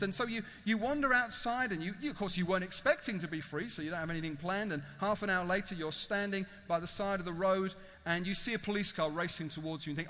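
A man's voice: high-pitched, quick pace, few pauses, pushed and bright. A man preaching an evangelistic sermon, telling a dramatic story straight to his listeners in a large hall. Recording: long hall reverb.

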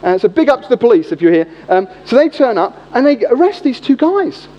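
High-voiced, lively British preacher. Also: male voice, brisk. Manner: animated, chatty anecdote telling. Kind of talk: sermon storytelling. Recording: long reverb, dull lo-fi sound.

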